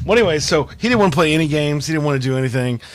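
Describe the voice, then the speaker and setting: On a dry recording with no room sound, a young man with a slightly high, expressive voice fires off stories at a rapid clip. He's hosting a laid-back podcast by video call, rambling with plenty of fillers and restarts.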